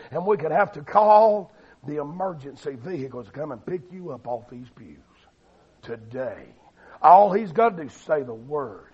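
A man preaching a fiery revival sermon, swinging between loud shouting and low, quiet delivery. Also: animated, moderate pace, breathy edge. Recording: dull lo-fi recording.

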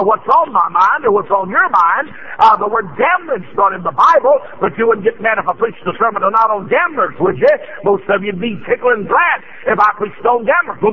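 A man preaching a fervent revival sermon, building to shouts and using frequent "uh" fillers between phrases. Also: sits high, muffled recording.

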